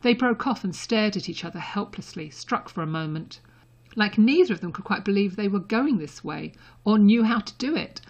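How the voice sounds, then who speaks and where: A woman narrating a story as an audiobook reader, in a soft and intimate delivery. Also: medium pitch, animated, moderate pace, highs cut off.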